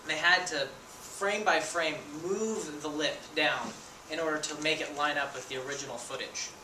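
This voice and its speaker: A man's voice: on the high side, moderate pace. A young man giving a persuasive contest speech, engaging the audience with questions. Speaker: student speaker. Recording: echoey room, voice from a distance, faint noise.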